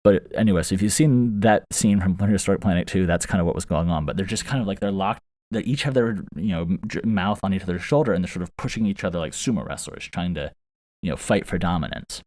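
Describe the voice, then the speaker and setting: This man's voice sits low with a darkish tone and a quick pace as he hosts a podcast, casually telling a funny story. He's rambling and amused, with fillers and restarts throughout. The close studio mic in a small foam-lined box keeps it very dry, echo-free, and close.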